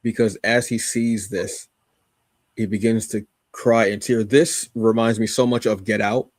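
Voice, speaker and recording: A man's voice: lowish voice, steady tone, a little slow, no echo, studio quality. A man co-hosting a podcast, casually reviewing a comic with rambling enthusiasm, many fillers and restarts.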